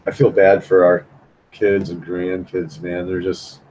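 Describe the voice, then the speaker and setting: A man's voice: sits low, level tone, measured pace, warm tone, slight background noise, poor audio. A man chatting loosely on a live stream while he draws, rambling and repeating himself in a frustrated way. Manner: rambling, repetitive, frustrated, keeps saying "man". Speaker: live-stream host drawing.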